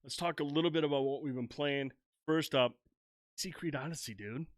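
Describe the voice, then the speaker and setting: Excitable, swearing man co-hosting a podcast. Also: on the high side, brisk, no room sound, clean studio sound. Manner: swearing, excitable, plays along with jokes. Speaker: podcast co-host. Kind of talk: casual chat.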